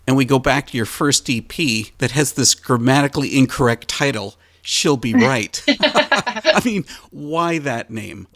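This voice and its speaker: A man's voice: medium pitch, big pitch swings, a little slow, fairly bright tone. A man hosting a radio interview, chatting casually and amused. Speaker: radio show host.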